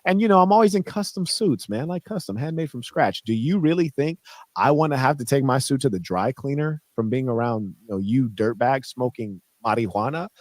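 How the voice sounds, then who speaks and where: Man, boastful monologue, condescending, lively swooping pitch, dry sound. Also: fairly quick, no room sound. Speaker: online personality in a clipped video.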